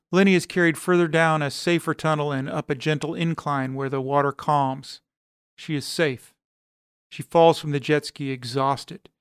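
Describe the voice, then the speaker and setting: A man narrates an action story with a smooth, clear voice pitched a little high. His delivery is steady and even, and the recording is dry and close, with no room around it. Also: no echo.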